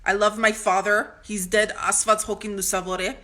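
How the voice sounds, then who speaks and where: A woman's voice: mid-range voice, little pitch movement, normal speed, bright, forceful tone. A woman talking to her channel in a blunt, profane, confrontational rant, restarting her sentences as she goes. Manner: ranting with frequent restarts. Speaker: vlogger. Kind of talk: profane monologue to camera.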